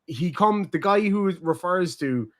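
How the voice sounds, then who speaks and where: A young man hosting a casual chat, explaining slang in a profane, animated way. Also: high voice, normal speed. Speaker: streamer host.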